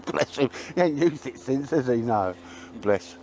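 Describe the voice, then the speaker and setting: This vlogger's voice is medium-pitched and mellow, animated but unhurried. He's bantering with friends around a campfire in the woods, ribbing them in typical laddish fashion.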